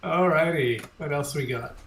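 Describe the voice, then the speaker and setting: A man's voice: medium pitch, normal speed, over a noisy crowd. A man playing in a tabletop game, laid-back and joking as he describes his character's actions. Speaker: player. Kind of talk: tabletop role-play. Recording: echoey room.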